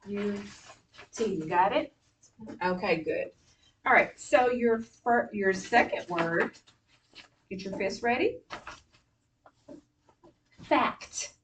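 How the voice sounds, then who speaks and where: A woman's voice: mid-range voice, far from the mic, a little hiss or hum. Woman teacher heard from across a classroom. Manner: patient, directive, step-by-step instructions. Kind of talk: classroom spelling lesson.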